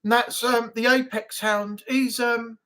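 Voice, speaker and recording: A man's voice: very high-pitched, flat delivery, a little slow, pushed and bright. Man, live-stream host, casual rambling chat, easygoing, laughs a lot.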